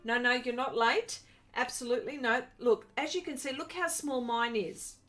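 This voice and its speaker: An Australian woman hosts an art live stream, chatting casually and greeting viewers by name as she draws. Her voice is fairly high and fairly bright, at a moderate pace.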